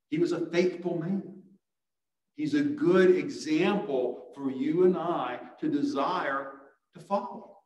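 A man preaches a sermon, earnest and pressing his listeners to respond. His voice sits at an ordinary middle pitch. The sound carries the ring of a large sanctuary, picked up from some distance. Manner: earnest, rising to urgent exhortation. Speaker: pastor. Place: church sanctuary. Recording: echoey church sanctuary, mic at a distance.

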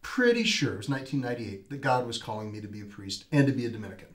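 A man in his forties, a priest, telling his story in an interview with lively, animated retellings. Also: mid-range voice, very fast. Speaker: Dominican priest, guest. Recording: roomy echo.

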